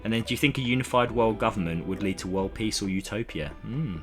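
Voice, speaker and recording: A young man chatting on a casual podcast, retelling a comic plot with lively acted-out voices. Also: lowish voice, quick pace. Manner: animated storytelling, acts out characters' lines. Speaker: podcast co-host. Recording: music playing behind.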